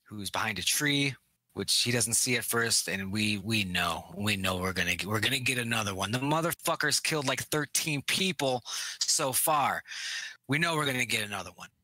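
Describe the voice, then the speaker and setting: Bright-voiced man retelling a movie. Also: medium pitch, moderate pace, dry recording. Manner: animated retelling, acts out characters' lines, swears freely. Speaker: podcast co-host. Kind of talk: casual movie review chat.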